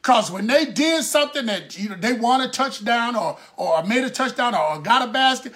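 A man preaching a sermon, drawing out his phrases and breaking into shouted bursts of emphasis. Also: very high voice, animated, moderate pace, hardly any pauses.

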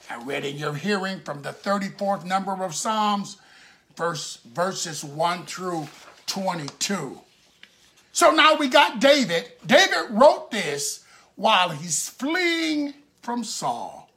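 A man preaching a sermon, drawing out his phrases and breaking into shouted bursts of emphasis. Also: sits high.

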